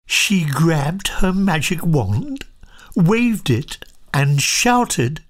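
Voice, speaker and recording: A storyteller reading a children's picture book aloud, soft and often half-whispered. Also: mid-range voice, big pitch swings, drawn-out words.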